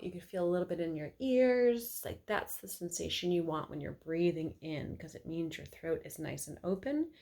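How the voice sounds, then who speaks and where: A woman leading a guided meditation at home, talking in calm, gentle, unhurried instructions. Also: on the low side. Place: indoors at home by an electric fireplace.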